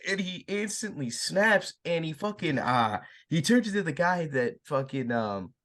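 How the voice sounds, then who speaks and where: A man's voice: a little high, very animated, measured pace, fairly bright tone. A man chatting casually as a podcast co-host, animatedly retelling movie scenes, swearing freely and laughing along. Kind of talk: casual movie review chat.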